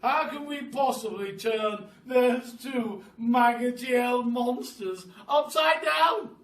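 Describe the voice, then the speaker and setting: A man's voice: very high voice, slow, a bit bright, voice pushed up, heavily acted. A man doing a posh, haughty bird. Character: posh, confident roly-poly bird. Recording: echoey room, mic at a distance.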